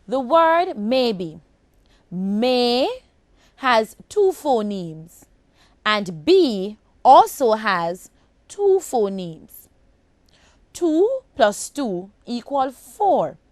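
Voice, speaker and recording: A woman teaching a phonics lesson to children on broadcast television, speaking slowly and enunciating each sound with care. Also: on the high side, no echo. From Jamaica. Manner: slow, deliberate, clearly enunciated.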